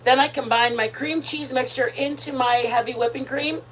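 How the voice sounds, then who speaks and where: Woman, home cooking livestream host, rambling chatty delivery, slightly high voice, faint background noise. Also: steady tone, moderate pace, fairly bright tone, rough recording. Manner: chatty, rambling, addresses viewers as "you guys". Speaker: host of a live cooking stream. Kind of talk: casual live-stream chat while cooking. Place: home kitchen.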